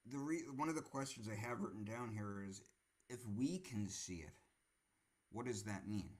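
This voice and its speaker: Lowish voiced guy on a movie podcast, hesitant, kinda fumbling for words. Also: normal speed. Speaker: podcast panelist. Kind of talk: roundtable film discussion.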